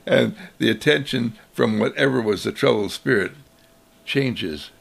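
A man's voice: medium pitch, a little slow, creaky. A man giving a sermon-like talk as a speaker, telling a story and acting out its voices.

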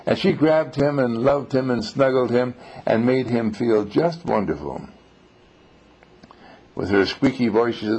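Man, spiritual teacher, gravelly voice, husky tone, storytelling to a small class. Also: mid-range voice, moderate pace, a little mellow, poor audio. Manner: storytelling with rhetorical questions.

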